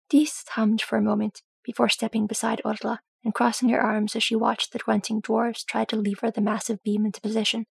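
A woman reading a fan fiction audiobook in a steady, even storytelling manner. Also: fairly high pitch, a little fast, gravelly, slightly rough, no room sound. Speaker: audiobook reader.

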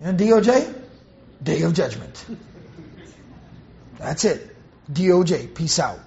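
A man's voice: a little high, sing-song, slow, gravelly, warm tone. A man giving a Quran commentary lecture, explaining word by word and asking rhetorical questions, on a dull lo-fi recording. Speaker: Quran teacher.

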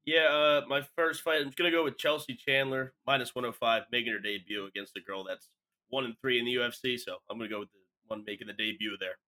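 A man's voice: mid-range voice, quick pace, bright, forceful tone. A man co-hosting a casual sports betting chat in a laid-back, blunt way. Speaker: podcast co-host.

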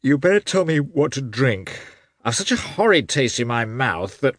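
A groggy young officer, hauled out of bed and whining about it, his voice pushed up high and swinging wide. He drawls lazily and teases his friends. A man acts him out in a storybook reading, on a dry close recording. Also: very animated, normal speed, a bit bright, no room sound. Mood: grumbling sleepy. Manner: whiny, lazy, teasing. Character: groggy hungover young male officer, playful.

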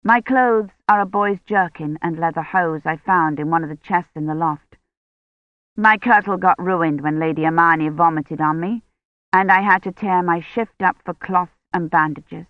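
A woman narrating a first-person audiobook in an earnest, quietly worried diary-reading manner, in a dull lo-fi recording. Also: lowish voice, normal speed, dry recording.

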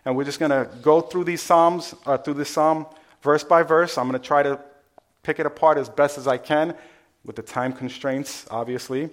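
A man's voice: on the high side, steady tone, moderate pace. Man preaching a conversational sermon. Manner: conversational preaching, asks the congregation questions. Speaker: pastor. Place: church.

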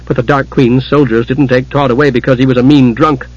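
A man voicing a fiery husky innkeeper woman. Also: mid-range voice, steady tone, brisk, a little mellow, lo-fi sound, close to an everyday voice. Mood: indignant. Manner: bitter, indignant tirades. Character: young adult woman innkeeper, fiery and outspoken.

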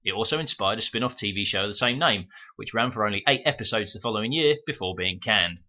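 A man's voice: fairly low pitch, expressive, quick pace, sharp tone. A man hosting a film podcast, reading scripted review notes with wry, sarcastic asides. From United Kingdom. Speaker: podcast host. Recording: muffled home microphone.

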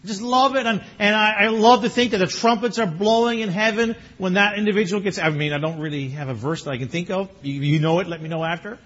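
A middle-aged male pastor preaching a sermon, animated and breaking into excited exclamations. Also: sits high, quick pace, few pauses. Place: church sanctuary. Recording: muffled lo-fi recording.

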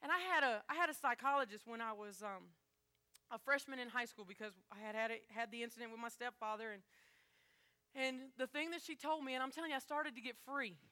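A woman's voice: on the high side, fairly quick, pushed and bright. A woman preaching a sermon, talking straight to her congregation in an emphatic, conversational way.

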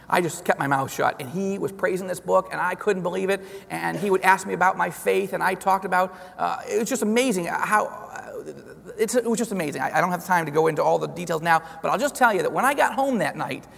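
A man tells his testimony from a church platform, chuckling through a lively story. His voice has a gravelly, husky edge. The sound rings with the long reverb of a big sanctuary. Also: high voice. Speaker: guest speaker at a church. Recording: long reverb of a large hall.

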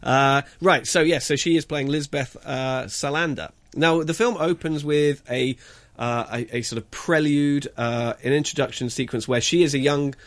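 A man reviewing a film in casual radio chat, halting and stumbling as he searches for words. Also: fairly high pitch. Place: radio studio.

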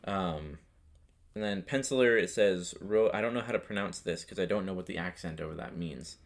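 A man's voice: low-pitched, fairly quick. A young man co-hosting a podcast in casual chat, with a dry, joking manner. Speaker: podcast co-host.

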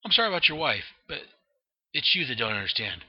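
A man's voice: mid-range voice, sing-song, fast, husky, voice pushed up. A man voicing a menacing male gangster who makes hard, clipped threats, on a dull lo-fi recording.

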